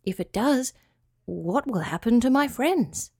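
A woman voicing a friendly young male hay bale in a storybook reading, gentle and earnest with a wistful touch. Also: on the high side, animated, measured pace, slightly rough, no room sound, studio quality, pitched above the performer's own voice, full character voice. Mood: worried.

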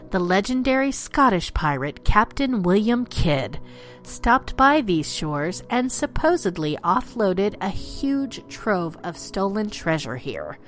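Playful woman host spinning dark legends. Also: fairly high pitch. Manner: playful, theatrical, slips into pirate talk. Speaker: podcast host. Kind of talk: storytelling narration of dark legends.

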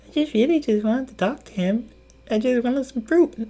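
A man's voice: very high-pitched, dark tone, voice pushed up. A man doing a meek whiny Eve. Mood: sheepish. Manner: meek, halting and apologetic. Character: meek, whiny biblical Eve, a young woman.

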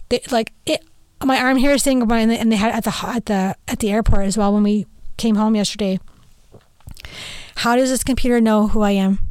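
A woman hosting a podcast in casual, animated chat who swears freely. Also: a little high, smooth, dry recording. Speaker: podcast host.

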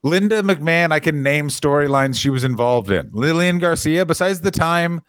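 A man's voice: a little high, animated, moderate pace, fairly bright tone, no room sound, clean studio sound. Sardonic, profane podcast comedian man. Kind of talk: casual comedic chat.

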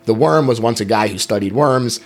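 A man's voice: mid-range voice, brisk. A man hosting a movie podcast, recapping scenes in an upbeat way and laughing as he goes. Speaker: podcast host. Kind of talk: casual movie chat.

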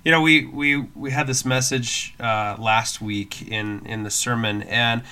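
A man's voice: mid-range voice, measured pace, clean tone. A man hosting a faith podcast, telling a story casually with lots of restarts. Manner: storytelling, animated with many restarts. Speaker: worship leader and podcast host.

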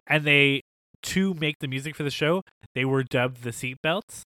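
A man co-hosting a podcast in casual chat, animated and laughing often, with loose filler words. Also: on the high side, normal speed, dry recording, studio quality. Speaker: podcast co-host.

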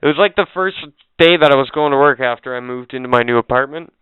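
A man's voice: mid-range voice, quick pace, smooth, dry recording. Laid-back man rambling a story, phone-thin. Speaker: podcast co-host. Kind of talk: casual podcast chat, storytelling. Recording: dry, phone-like narrow sound.

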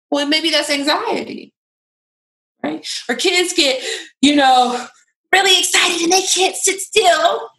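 A woman giving parenting and relationship advice in a casual chat, animated and acting out bits of dialogue. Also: extremely high pitch, measured pace, roomy sound, rough recording. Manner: animated, acts out quoted dialogue.

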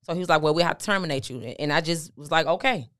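Guest, woman, middle-aged, low and smooth voice, dry close sound, conversational storytelling. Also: fast talker, a bit bright, no echo. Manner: conversational, recounting with quoted dialogue. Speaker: guest, motivational speaker. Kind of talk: candid storytelling interview.

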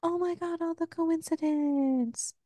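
A woman co-hosting a casual book podcast, retelling a plot with lots of swearing and quick put-on quotes of the characters. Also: very high voice, fairly even intonation, mellow, dry recording, studio quality. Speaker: podcast co-host. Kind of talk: casual book-review chat.

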